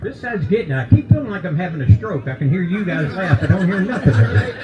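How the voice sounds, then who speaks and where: A very noisy, muffled recording captures a man in his seventies doing stand-up on a brewery stage with a live audience. He has a high, sing-song voice and a quick pace, folksily teasing the crowd and making jokes about getting old.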